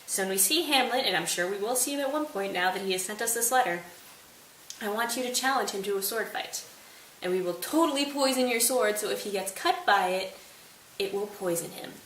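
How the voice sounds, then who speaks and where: A woman's voice: medium pitch, animated, fairly quick, fairly bright tone, natural voice. A woman voicing a scheming male king who lays out plots in an offhand, casual way. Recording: roomy, distant mic, faint hiss.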